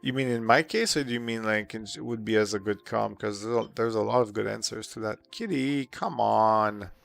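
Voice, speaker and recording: A man with a slightly sore throat, chatting casually with viewers while streaming a game, relaxed and full of fillers. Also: on the low side, fairly quick, creaky, faint music behind. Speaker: streamer answering chat questions. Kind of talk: casual live-stream chat while gaming.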